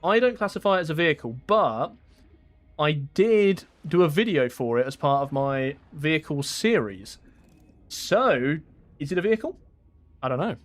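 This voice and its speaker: A man's voice: a little high, animated, moderate pace. A young man from England chatting casually on a live game stream, laughing often and answering his chat. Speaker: gaming streamer.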